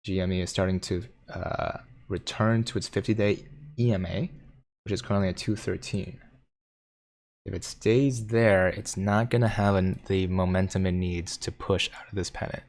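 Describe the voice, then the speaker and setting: Male livestream host, lower register, casual and jokey, answers viewers' chat. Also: steady tone, moderate pace, darkish tone. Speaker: stock market livestream host.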